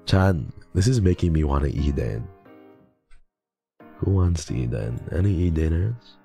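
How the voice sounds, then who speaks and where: A man with a very deep, gravelly voice reacts to a game on stream in casual, excitable bursts, swearing as he gets flustered. His tone is dark and mellow, and faint guitar music plays behind him. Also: measured pace, long pauses.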